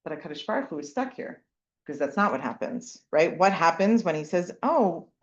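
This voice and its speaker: A woman and mother of young kids teaching a lively Torah class, often asking "right?" and acting out the lines she quotes. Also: low voice, fairly quick, highs cut off. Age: adult parent with young kids. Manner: animated, keeps asking "right?", acts out quotes. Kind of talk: lively Bible class lecture.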